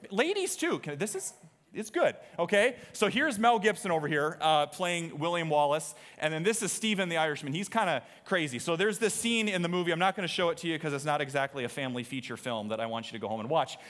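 A man's voice: fairly high pitch, quick pace, fairly bright tone. A man preaching a sermon from a church stage, talking in a conversational, joking way and quizzing the congregation. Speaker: pastor.

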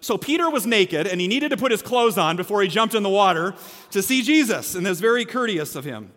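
A man preaching a lively, joking sermon as a pastor, acting out the lines he quotes. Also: high voice, a little fast, long reverb tail. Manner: energetic, humorous, acts out quotes. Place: church sanctuary.

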